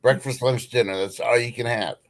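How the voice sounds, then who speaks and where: A man's voice: medium pitch, fairly even intonation, fairly quick, vocal fry. A man in a casual group chat who teases and jokes with the others. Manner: teasing, joking.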